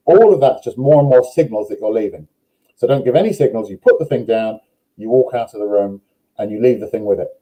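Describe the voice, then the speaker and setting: A man, a dog trainer, explaining step by step in a steady, instructive way during a live online question session. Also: mid-range voice, rough recording.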